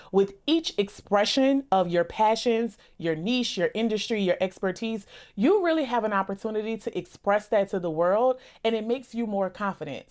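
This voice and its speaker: A woman's voice: medium pitch, darkish tone. A woman content creator hosting her own channel, giving an enthusiastic, emphatic motivational talk to camera in a casual, conversational way. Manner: enthusiastic, emphatic, repetitive lists.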